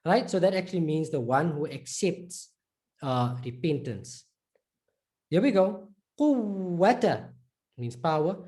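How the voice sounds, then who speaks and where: Patient man teaching in a mellow voice. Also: fairly high pitch, expressive. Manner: patient, repeats example words slowly and drawn out; informal, fillers like "right?" and "okay". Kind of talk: recorded online lesson.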